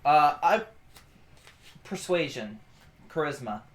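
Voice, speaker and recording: A man's voice: on the high side, expressive, slow pace, fairly bright tone. A man running a tabletop game as game master, narrating scenes in a casual, easy way. He laughs often and breaks off to explain the rules to his players.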